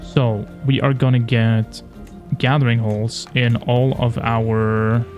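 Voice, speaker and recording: A young man casually commentating his strategy game, animated and taunting, swearing as he plays. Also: mid-range voice, takes it slowly, dull audio, soft background music. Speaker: gaming YouTuber.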